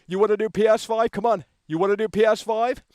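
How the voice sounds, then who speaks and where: A man hosting a gaming livestream, ranting in a brash, combative way that swings into loud outbursts on a close mic. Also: high-pitched, steady tone, fast talker, no room sound.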